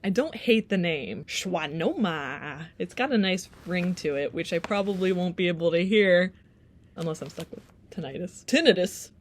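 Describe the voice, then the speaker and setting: Lady chatting to camera at home, kinda low voice, giggly and rambling. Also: moderate pace. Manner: chatty and playful, laughs often, goes off on tangents. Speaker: vlogger. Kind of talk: casual talk to camera.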